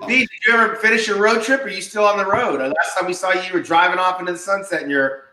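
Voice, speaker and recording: Male co-host, bright chatty voice, roomy distant audio. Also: sits high, rapid-fire, a little hiss or hum. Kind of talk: casual chat. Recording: roomy sound, away from the mic.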